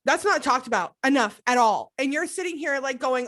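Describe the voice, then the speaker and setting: High-pitched woman hosting a podcast, gushing and heartfelt, real casual chat. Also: animated, fairly quick, few pauses, fairly bright tone. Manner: effusive, heartfelt, openly emotional. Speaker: podcast host. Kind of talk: conversational interview.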